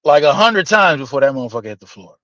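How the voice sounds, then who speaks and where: A man with a slightly high voice tells a rough story in loose podcast chat, swearing freely and acting out each character's lines. The sound is dry and a little dull, like a modest lo-fi setup. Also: fast, dry recording. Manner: animated, profane storytelling with acted-out dialogue. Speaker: podcast host telling a story.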